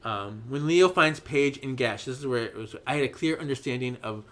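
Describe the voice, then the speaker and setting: Animated man recapping a story. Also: mid-range voice, a little fast. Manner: animated, acts out characters' lines in raised voices. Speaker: podcast host. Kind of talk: casual chat, recapping a story.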